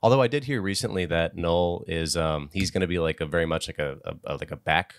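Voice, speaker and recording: A man's voice: deep voice, a little fast, no room sound, clean studio sound. A man co-hosting a casual comic review podcast, joking and stumbling over his words as he talks. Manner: joking, stammering restarts. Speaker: podcast co-host.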